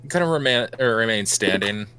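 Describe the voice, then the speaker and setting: A man's voice: fairly low pitch, animated, fairly quick, pushed and bright, faint music behind. A man playing in a tabletop role-playing game, speaking hesitantly with wry asides. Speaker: player.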